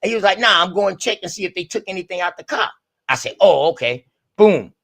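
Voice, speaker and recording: Guy on a group call telling a wild story, cussing a lot, kinda high bright voice, does everybody's voices. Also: expressive, quick pace, gravelly. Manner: profane, loose street talk; acts out voices of people in his story. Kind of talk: casual storytelling.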